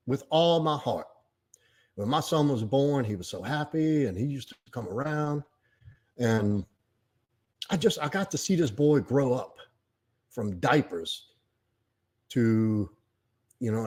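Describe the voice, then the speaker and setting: A middle-aged man telling a painful personal story on a podcast, halting and choked up at times. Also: mid-range voice, a little mellow.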